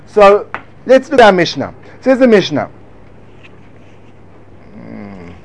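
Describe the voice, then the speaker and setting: A man with a fairly high voice gives an earnest, hands-on lecture on teaching Talmud to a small group. He talks as if demonstrating each point, and now and then drifts into a sing-song study chant. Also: huge pitch swings, takes it slowly, vocal fry.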